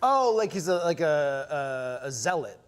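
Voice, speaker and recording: A man's voice: fairly high pitch, sing-song, measured pace, clean tone. A man co-hosting a casual podcast chat, rambling through stories with loose, profane phrasing. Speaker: podcast co-host.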